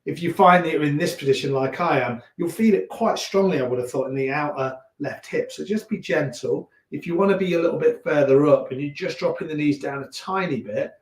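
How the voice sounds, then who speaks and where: A man with a Leicester accent teaching a gentle yoga class, giving calm, unhurried cues with chatty asides. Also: a little high. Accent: Leicester English. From England. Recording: echoey room.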